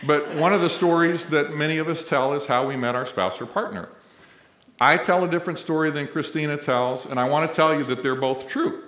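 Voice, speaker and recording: A man's voice: fairly high pitch, a little fast, fairly bright tone. A middle-aged man from Missouri, a college president, giving a humorous ceremony speech full of stories to an audience in a large hall. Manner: humorous, conversational storyteller, playing to the audience. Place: large indoor event hall. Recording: echoey hall.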